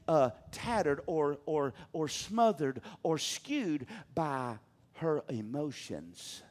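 A male preacher delivering a sermon with a high voice that swings widely in pitch. He talks emphatically and keeps calling on the congregation to answer him. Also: a bit bright. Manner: emphatic, calls on the congregation to respond.

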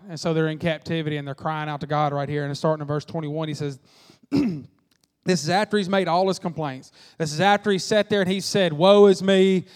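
A man preaches to his congregation in a folksy, animated way. His voice sits a little high for a man. It rings with the long reverb of a church sanctuary. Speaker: pastor. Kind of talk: sermon.

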